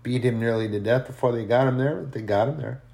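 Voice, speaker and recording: A man's voice: mid-range voice, fairly quick, creaky, darkish tone. A man preaching a fervent sermon on his own podcast, repeating phrases for emphasis.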